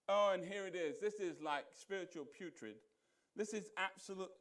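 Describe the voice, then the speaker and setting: A man with a notably high voice preaching a conversational sermon in a church. He keeps putting questions to the congregation and drops into a low mutter when he quotes people. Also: normal speed, fairly bright tone. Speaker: pastor. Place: church sanctuary.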